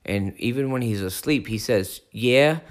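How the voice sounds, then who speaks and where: A man in casual podcast chat, telling stories in an easygoing way with a middle-pitched voice. He laughs along with his co-host. His talk is loose and unhurried. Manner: relaxed storyteller, laughs along.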